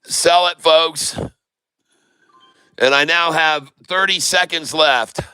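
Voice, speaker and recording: Excited man calling live trades. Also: fairly high pitch, slow pace, clean tone, dry recording. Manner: exclamatory, rattles off prices, addresses viewers as folks. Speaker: day-trading livestream host. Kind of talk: excited live trading commentary.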